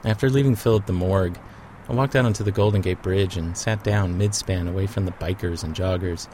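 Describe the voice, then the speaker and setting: Low-voiced man narrating somberly. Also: steady tone, brisk, slight background noise. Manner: quiet, somber, reflective. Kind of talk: personal documentary narration.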